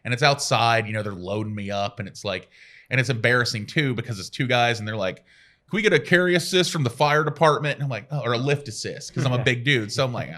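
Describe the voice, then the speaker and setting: A man in his forties, a radio guest telling self-deprecating stories in casual chat and acting out quotes with a jump in pitch. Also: quick pace, bright, forceful tone. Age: 40s.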